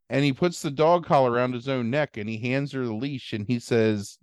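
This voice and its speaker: Guy on a podcast rambling through a movie plot, middle pitch, dry close mic. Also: moderate pace, few pauses, smooth, no echo. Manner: rambling, animated storytelling with silly put-on voices. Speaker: podcast host. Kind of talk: casual movie recap chat.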